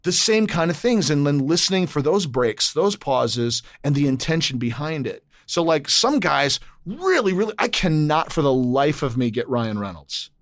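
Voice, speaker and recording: A man hosting a podcast interview, telling lively stories about teaching voice acting and acting out the people in them. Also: fairly high pitch, normal speed, few pauses, dry recording, studio quality. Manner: animated storyteller, acts out quoted people. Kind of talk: casual interview chat.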